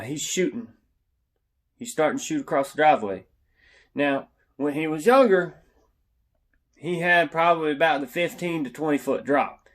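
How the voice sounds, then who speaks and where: A young man casually telling a funny story, animated and yelling out the lines he quotes. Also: medium pitch.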